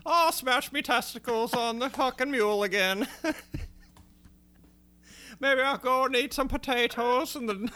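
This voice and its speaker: A loud, merry caricature of an Irishman bellows in a squeaky, high register with a bright, forceful edge, a man putting it on for laughs. Every line bounces and lilts in an overdone mock accent. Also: flat delivery, very slow, heavily acted. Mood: boisterous. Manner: exaggerated mock accent with rising, bouncy lines. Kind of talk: comic impression in casual chat.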